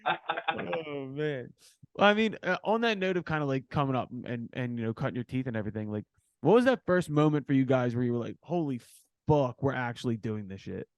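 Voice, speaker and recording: A man's voice: medium pitch, expressive, fairly quick, dry recording, highs cut off. A man from Philadelphia hosting a casual interview, talking loosely with lots of fillers and swearing. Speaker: podcast host. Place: backstage studio.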